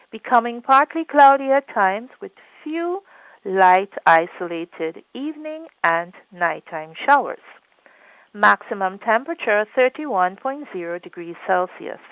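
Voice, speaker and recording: A woman reading the weather report on the radio in a clear, measured, cheerful way. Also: a little high, fairly bright tone, dry recording, rough recording. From Grenada. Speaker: weather forecaster.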